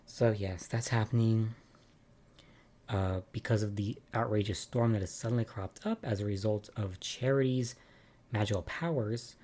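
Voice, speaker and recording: A man's voice: on the low side, normal speed, mellow. A man giving a casual, chatty recap of soap opera episodes, with lots of "um" and "like" and amused asides.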